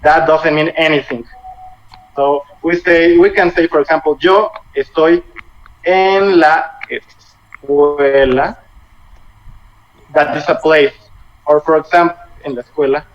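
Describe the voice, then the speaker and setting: A man with a Latin American Spanish accent, teaching a language class online, explaining grammar slowly and patiently in simple English. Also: a little high, steady tone. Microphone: video call. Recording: muffled video-call audio with faint noise.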